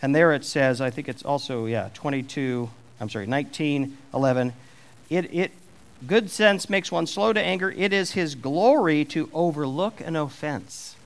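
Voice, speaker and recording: A man's voice: a little high, moderate pace. A middle-aged man preaching a sermon, taking on God's voice for the scripture questions with rising emphasis.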